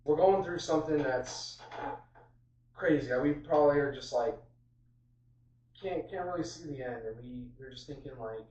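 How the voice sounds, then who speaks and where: A man's voice: mid-range voice, moderate pace, pauses often, darkish tone. A man giving an informal sermon on a Bible passage, conversational and full of fillers and restarts. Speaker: preacher. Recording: roomy, distant, dull sound.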